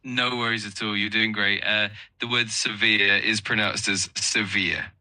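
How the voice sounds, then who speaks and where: A man's voice: fairly low pitch, steady tone, moderate pace, bright, forceful tone, poor audio. A man tutoring English vocabulary, explaining word meanings patiently and encouraging the learner. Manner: encouraging, upbeat, offers more help.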